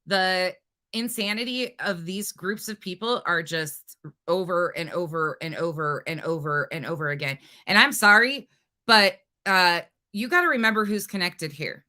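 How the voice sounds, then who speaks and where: Forceful and bright, with a voice on the low side, a woman hosting a livestream furiously curses out a rival and mocks her in a heated rant.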